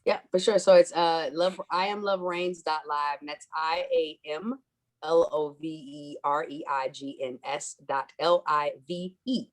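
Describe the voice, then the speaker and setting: A woman's voice: sits low, steady tone, unhurried. A woman guest in a casual chat who speaks effusively and laughs often.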